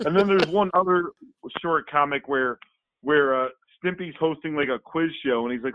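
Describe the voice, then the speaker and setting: Male podcast co-host, slightly high voice, chatty and rambling; dry, phone-like sound. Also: normal speed, a little hiss or hum. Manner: rambling, animated retelling with many fillers and laughs. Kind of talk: casual chat.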